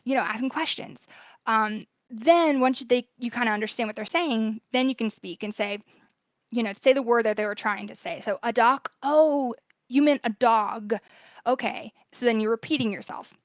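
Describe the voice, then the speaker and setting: A chatty young woman speech therapist explains things to parents in an easygoing, filler-heavy way. Her voice sits a bit high. The sound is dry and slightly dull. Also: fairly quick, no echo. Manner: chatty, many fillers, self-correcting. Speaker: speech-language pathologist. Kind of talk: casual informal teaching talk.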